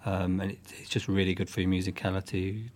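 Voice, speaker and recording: A man from northwest England, a folk musician talking thoughtfully in an interview, often pausing and restarting. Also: sits low, flat delivery, darkish tone. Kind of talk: interview chat.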